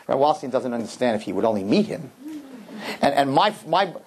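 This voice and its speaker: A man as a rabbi giving a lively sermon to young women, emphatic, with joking asides and words he repeats as he starts a point. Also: medium pitch, a little fast.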